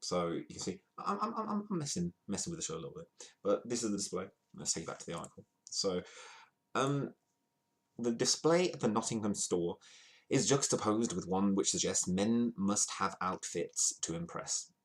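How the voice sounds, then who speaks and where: A man's voice: low voice, normal speed. A man from the UK hosting a live comedic news show, talking in a playful, rambling, self-mocking way.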